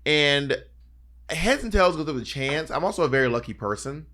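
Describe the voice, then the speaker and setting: A man co-hosting a podcast in a casual recap chat. He is animated and acts out the people he quotes in little voices. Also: fairly high pitch, normal speed. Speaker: podcast co-host.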